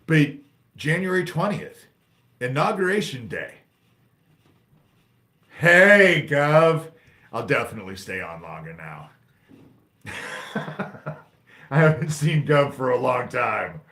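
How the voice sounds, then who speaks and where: Worked-up guy venting on his live stream, cussing a lot, mid-pitched voice. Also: sing-song, slow, long pauses, a bit bright. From United States. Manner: angry, profane, jumps between topics and reads chat aloud. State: agitated. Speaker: livestream host. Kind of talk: ranting livestream monologue.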